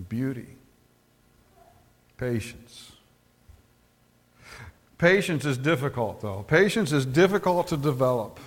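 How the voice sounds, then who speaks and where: A man preaching a sermon as pastor, telling anecdotes and often repeating words as he goes. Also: fairly high pitch. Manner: tells stories, often repeats words, slows for emphasis.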